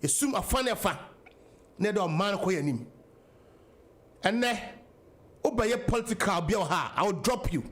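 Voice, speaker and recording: A man's voice: high-pitched, expressive, normal speed, pauses often, a bit bright. A Ghanaian man hosting a political talk radio show, giving an emphatic monologue that mixes English and Twi.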